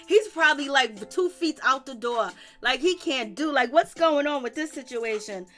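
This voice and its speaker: A woman's voice: high voice, expressive, normal speed, a bit bright. A woman hosting a casual live stream, sassy and sarcastic, greeting viewers by name as she gossips about a reality show.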